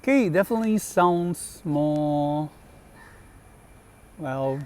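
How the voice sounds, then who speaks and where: Slow, halting male gaming host. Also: a little high, expressive, darkish tone. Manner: halting, with many fillers and self-corrections. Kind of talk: casual commentary on game voice lines.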